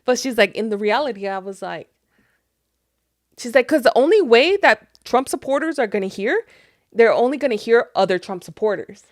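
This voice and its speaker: A woman co-hosting a casual podcast, retelling a story in a rambling, animated way with lots of fillers and swearing. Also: fairly high pitch, moderate pace, no echo, studio quality. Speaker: podcast co-host. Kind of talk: casual chat.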